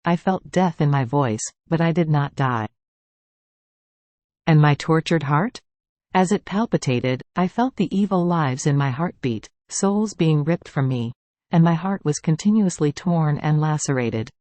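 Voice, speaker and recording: Calm reader in a dry close-miked recording. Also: mid-range voice, no room sound. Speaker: reader of devotional writings. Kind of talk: steady scripted reading aloud.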